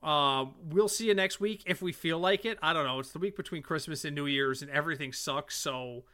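Bright-voiced man telling stories. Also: a little high, fairly quick. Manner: animated storyteller, swears freely. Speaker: podcast co-host. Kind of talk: casual podcast chat.

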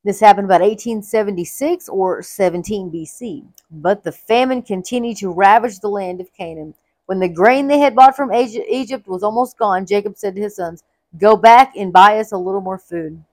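A woman's voice: medium pitch, normal speed, darkish tone, no room sound. A woman narrating a Bible story aloud, reading expressively and acting out the quoted lines. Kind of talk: read-aloud scripture storytelling.

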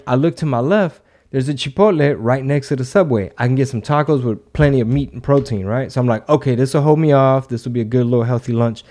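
A man in his thirties telling a story in casual podcast chat, swearing freely and acting out what people said. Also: mid-range voice. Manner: profane, animated, acts out quotes. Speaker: podcast host.

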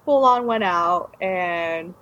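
A woman's voice: lowish voice, expressive, takes it slowly, fairly bright tone. A woman guest telling her personal story in a casual interview, meandering with trailing restarts. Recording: dull lo-fi recording.

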